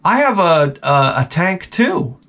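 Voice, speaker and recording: A man's voice: on the high side, slow pace, voice pushed up, heavily acted. A man putting on the voice of an eager, chatty young male pet store clerk. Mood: excited. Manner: excited, chatty.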